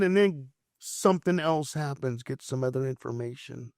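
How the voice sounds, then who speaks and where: Man, recovery counselor, earnest storyteller, mid-pitched voice, dry close sound. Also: normal speed, gravelly, darkish tone, no echo. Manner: frank and impassioned, repeats words as he searches for them.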